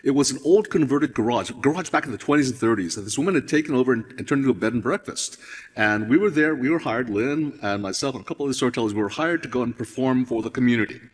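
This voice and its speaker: Husky male storyteller in a hall. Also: mid-range voice, lively intonation, fast talker. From Hawaii. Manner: reflective, rambling with restarts. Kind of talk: storytelling talk on stage. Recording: long hall reverb.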